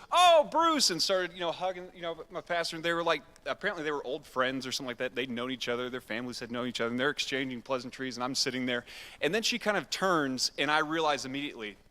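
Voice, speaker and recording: Bright-voiced preacher in a hall. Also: male voice, on the high side. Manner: casual, self-deprecating storytelling. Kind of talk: storytelling sermon. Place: church sanctuary. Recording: reverberant church hall.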